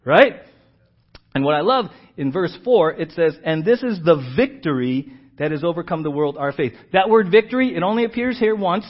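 A man preaching a sermon, telling a story and then teaching with lively emphasis. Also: high voice, normal speed, highs cut off. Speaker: pastor.

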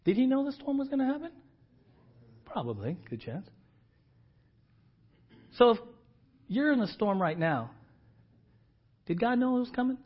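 A male pastor preaching a sermon in a casual, animated storytelling way with everyday slang. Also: very high-pitched, a little slow, pauses often, breathy edge, lo-fi sound.

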